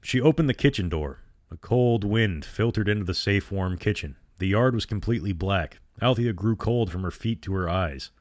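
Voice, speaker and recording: Low-voiced man narrating a spooky story. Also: lively intonation, normal speed, no echo, studio quality. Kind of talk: scripted narration of a horror story.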